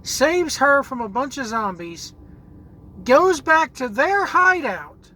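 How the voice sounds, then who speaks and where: A man's voice: extremely high pitch, very animated, takes it slowly, bright, forceful tone, slight background noise, poor audio. A man hosting a gaming channel who rants angrily about a video game, swearing and repeating words as he searches for what to say. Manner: angry, profane, repeats words while searching for them. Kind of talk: ranting video game commentary.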